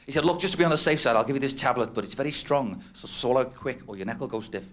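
A man's voice: mid-range voice, animated, racing, fairly bright tone. A man from North West England doing a rambling, self-mocking stand-up routine on a club stage, often laughing at his own jokes. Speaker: stand-up comedian. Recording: noisy old club recording. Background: audience laughter.

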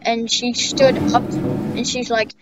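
A woman improvising a story over gameplay in a rambling, distracted way, full of fillers, with loud noise behind her. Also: a little high, flat delivery, slow pace.

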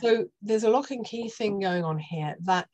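A middle-aged British woman, a doctor, explaining health topics as a podcast guest in a steady, informative way with touches of dry sarcasm. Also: medium pitch, moderate pace, muffled recording. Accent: British English. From United Kingdom. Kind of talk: podcast interview.

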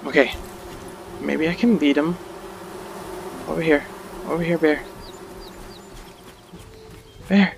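Male gamer, high and gravelly voice, slow panicky commentary. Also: steady tone, a little hiss or hum. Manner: panicky, exclamatory, talking to himself. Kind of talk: let's play commentary.

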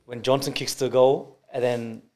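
A man's voice: medium pitch, little pitch movement, moderate pace, darkish tone. A man co-hosting a casual sports chat, jumping eagerly between memories of past games. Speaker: podcast co-host.

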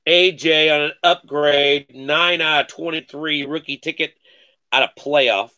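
A man hosting a live sports card break, calling out each card with excited slang and cursing. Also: a little high, dry recording. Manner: excited, calls out cards rapidly with slang and cursing.

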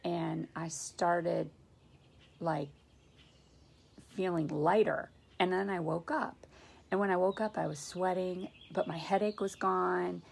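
A woman's voice: lowish voice, fairly even intonation, slow, gravelly, slightly rough. A woman hosting a faith video, casually teaching about dreams and reading scripture aloud in an earnest, conversational way.

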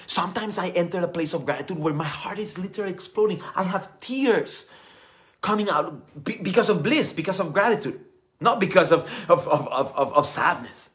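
Animated man teaching, lively high voice. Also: normal speed. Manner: animated, emphatic and playful; repeats phrases for emphasis. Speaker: spiritual teacher. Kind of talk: motivational teaching talk.

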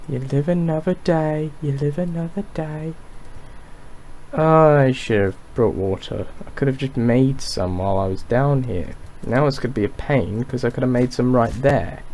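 A man's voice: mid-range voice, gravelly, a little mellow, slight background noise. A man casually talking through his game as he plays, rambling and poking fun at himself, with a dry throat. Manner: rambling, self-mocking, thinks aloud. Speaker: gaming YouTuber. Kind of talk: Minecraft let's play commentary.

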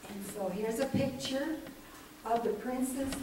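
A woman telling a Bible story to children in church, gentle and hesitant with many fillers. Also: high-pitched, measured pace. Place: church sanctuary. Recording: echoey church recorded from far off, noisy.

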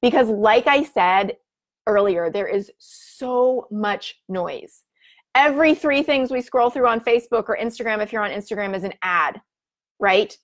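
A woman in her thirties hosts a casual live broadcast. She talks in a bubbly, chatty way, reading viewer comments aloud. Her speech is full of fillers, and her voice sits at an average pitch for a woman. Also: a little slow. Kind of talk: casual live-stream chat.

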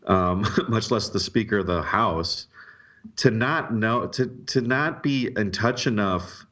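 A man's voice: lowish voice, takes it slowly, a bit bright. A man co-hosting a podcast, chatting casually about politics and rambling with frequent restarts. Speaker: podcast co-host.

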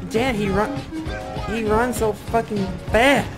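A man's voice: high voice, fairly even intonation, slow, over music. A man giving let's-play commentary, exclaiming, swearing and mocking what happens on screen. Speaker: gaming commentator.

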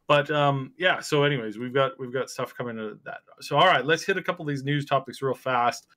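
Man, podcast host, bright tone, hesitant, rambling casual chat. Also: mid-range voice, a little fast. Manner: rambling, hesitant, many fillers and restarts.

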